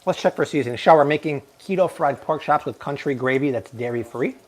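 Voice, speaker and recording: A man hosts a live cooking demonstration in his home kitchen, talking with enthusiasm and exclaiming over the food. His voice is medium-pitched and fairly quick.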